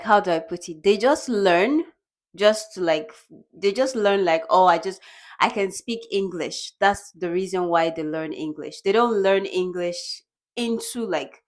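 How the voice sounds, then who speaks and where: A young woman from Nigeria talking casually to the camera in a vlog, chatty and lively, acting out little bits of dialogue. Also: fairly low pitch. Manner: chatty, animated, acts out quoted dialogue with laughs. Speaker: vlogger. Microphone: small bought microphone.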